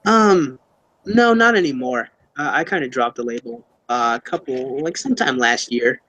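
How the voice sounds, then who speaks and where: A man's voice: mid-range voice, lively intonation, moderate pace, sharp tone, rough recording. A young man answering interview questions casually, rambling with many fillers and restarts. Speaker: YouTuber being interviewed.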